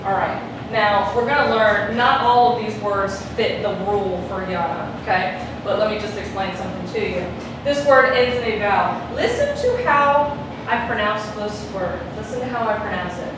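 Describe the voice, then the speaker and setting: A Spanish teacher with an expressive, medium-pitched voice gives a classroom lesson at a normal speed. She patiently repeats her questions and stretches words out to show where the stress falls, recorded from a distance in a noisy, echoey classroom.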